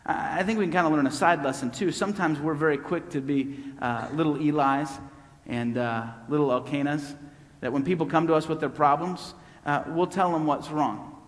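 Male pastor, high voice, emphatic repetitive preaching, long hall echo. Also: normal speed. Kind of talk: sermon.

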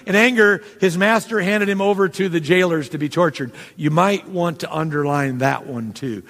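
A man's voice: fairly high pitch, normal speed, hardly any pauses, a bit bright. A man preaching a sermon in a conversational way, with asides and quoted dialogue. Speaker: pastor. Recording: long hall reverb.

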